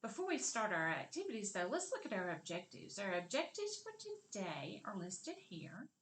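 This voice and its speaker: A woman's voice: medium pitch, wildly swooping pitch, moderate pace, a bit bright. A woman teaching a kindergarten literacy lesson. She talks patiently and encouragingly and stretches out the sounds and words she models. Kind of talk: slow, clearly modeled lesson for young children.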